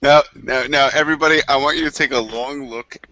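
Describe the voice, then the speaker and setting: Bright-voiced male host, dry lo-fi sound. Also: medium pitch, fairly even intonation, a little fast, no room sound. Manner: laughing, hesitant, moderating. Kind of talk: casual chat.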